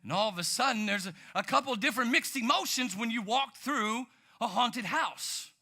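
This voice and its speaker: A man preaching a sermon, telling stories in an animated way with sudden loud outbursts. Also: very high-pitched, normal speed. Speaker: pastor.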